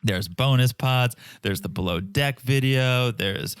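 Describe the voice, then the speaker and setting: A man's voice: mid-range voice, a little slow, smooth, no room sound, studio quality. A man co-hosting a podcast, chatting casually and playfully and laughing easily. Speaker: podcast co-host. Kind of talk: casual chat.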